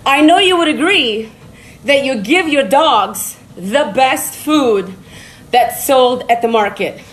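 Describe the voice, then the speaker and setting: A woman's voice: high-pitched, lively intonation, slow, a bit bright, low-quality recording. A middle-aged woman giving a blunt, rambling motivational talk on a phone live stream while walking on a treadmill, laughing and swearing.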